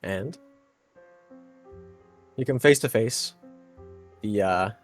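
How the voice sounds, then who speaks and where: Man, game master, tabletop narration, slow and deliberate, faint music underneath. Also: lowish voice. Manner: unhurried, many fillers and restarts, describes scenes in detail. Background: faint background music.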